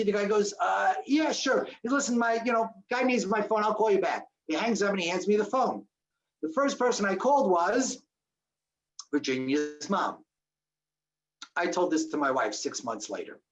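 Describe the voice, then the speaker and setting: Man, storyteller, high-pitched, animated, acts out dialogue, dull lo-fi recording. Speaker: speaker telling his survival story. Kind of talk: storytelling talk to an audience. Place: audience hall.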